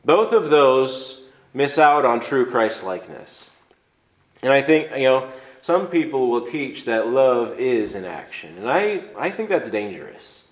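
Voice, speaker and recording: A man's voice: mid-range voice, big pitch swings, unhurried, echoey room, poor audio. A man preaching a conversational sermon, earnest and explaining step by step.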